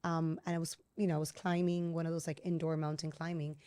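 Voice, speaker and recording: A woman hosting a podcast, talking casually with quick, conversational restarts. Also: low-pitched, level tone, dark tone, dry recording. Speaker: podcast host. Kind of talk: casual chat.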